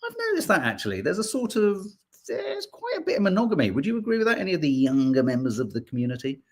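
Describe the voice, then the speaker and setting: Animated, jokey man hosting a podcast. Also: high voice, quick pace, husky. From Birmingham, England. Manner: jokey, playful, teasing asides. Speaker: podcast host. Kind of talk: casual chat reading out headlines and viewer comments.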